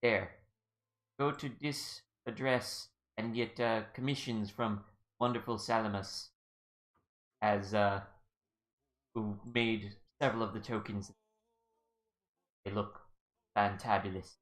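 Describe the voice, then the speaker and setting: A man's voice: lowish voice, steady tone, slow, pauses often, fairly bright tone. A man running a tabletop game on a livestream, talking in a rambling way and laughing often. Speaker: game master. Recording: echoey mic.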